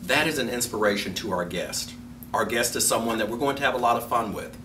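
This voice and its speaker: A man hosts a talk show interview, enthusiastic and a little halting as he asks his questions. His voice sits at a middle pitch. It is recorded off-mic in a roomy space, with faint noise behind. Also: sharp tone, far from the mic.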